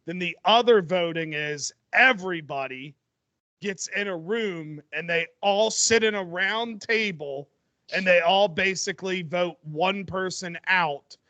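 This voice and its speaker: High, bright-voiced excitable young man. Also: a little slow, no room sound, lo-fi sound. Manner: excited, rambling storytelling with restarts. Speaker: podcast co-host. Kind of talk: casual chat.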